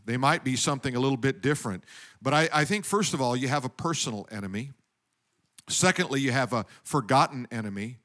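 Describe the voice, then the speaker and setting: A man's voice: mid-range voice, expressive, fairly quick, pushed and bright. Man preaching a conversational sermon. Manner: conversational preaching, rising emphatically on key points. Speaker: pastor.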